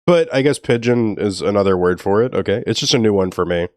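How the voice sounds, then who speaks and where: A man's voice: on the low side, lively intonation, fast talker, a little mellow, no echo, clean studio sound. A man from New Orleans chatting casually on a stream, rambling and laughing often as he tells stories. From New Orleans, Louisiana. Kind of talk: casual chat.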